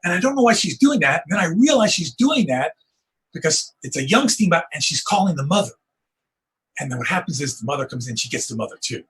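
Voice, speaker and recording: A middle-aged man, a wildlife photographer, telling stories in an interview, acting out the moments with rising excitement. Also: a little high, quick pace, husky, poor audio. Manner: animated storyteller, acts out moments with rising excitement. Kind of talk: storytelling interview on a video call.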